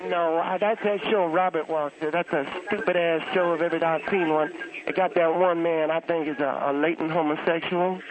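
A man's voice: on the high side, fairly even intonation, normal speed, a crowd in the background, lightly acted. A man voicing a blunt, insulting old churchgoing aunt who grumbles crudely, heard over a phone line. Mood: grumpy, scornful. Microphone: telephone.

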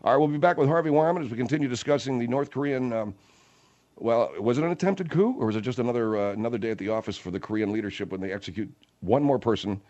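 A man's voice: medium pitch, fast, darkish tone, lo-fi sound. A man hosting a radio talk show, chatty and exasperated with his guests.

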